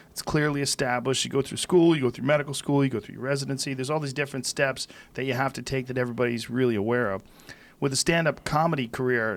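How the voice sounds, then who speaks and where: A man hosting a podcast, talking in a reflective, explaining way. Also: mid-range voice. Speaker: podcast host. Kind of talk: casual chat.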